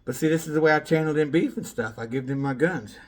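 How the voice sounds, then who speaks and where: A man's voice: on the high side, fast. A man in a rambling self-filmed monologue, boastful, swearing freely and breaking into laughter between phrases.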